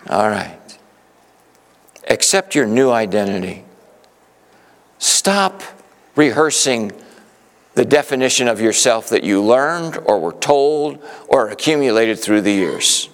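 A man of middle pitch preaching a sermon, pushing hard in some passages and easing into calm comfort in others. His delivery is emphatic and direct, as if to a congregation. A long reverb from a large church hall trails each phrase. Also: takes it slowly, pauses often. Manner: emphatic, shifting between urgent and soothing. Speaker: pastor.

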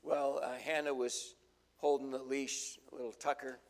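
Old guy preaching, gravelly voice, folksy stories, middle pitch. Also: flat delivery, measured pace. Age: older. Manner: folksy storytelling, acts out quotes. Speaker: pastor. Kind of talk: sermon.

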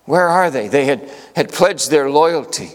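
A pastor preaching from the pulpit with dramatic flair, a man whose voice sits somewhat high. He swings from urgent, raised questions to quiet, hushed lines. His words ring out with a long reverb through a large church sanctuary. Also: expressive, measured pace. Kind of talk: sermon.

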